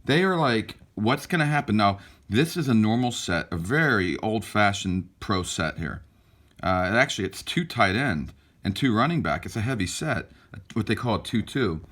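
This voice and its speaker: A man's voice: fairly low pitch, normal speed. A man analyzing football game footage for viewers, talking casually and animatedly and voicing what the players are thinking. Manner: animated, talks to viewers, acts out players' thoughts. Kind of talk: casual game breakdown over video.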